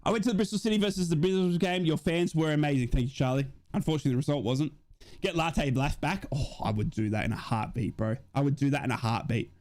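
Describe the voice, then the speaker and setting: A young man with a fairly high voice speaks fast while hosting a live football watch-along, offering excitable, rambling fan commentary, swearing, and responding to chat comments.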